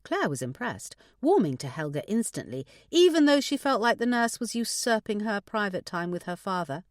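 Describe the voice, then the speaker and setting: A woman narrating a suspense audiobook in a measured storytelling manner. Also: mid-range voice, big pitch swings, no room sound, clean studio sound. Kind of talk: scripted narration.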